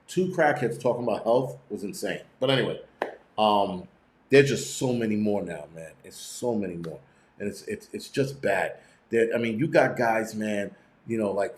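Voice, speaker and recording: A man's voice: fairly low pitch, a little mellow, echoey room. A man hosting his own channel, telling stories in a profane, rambling way full of restarts and fillers. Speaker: channel host. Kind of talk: casual live-stream rant.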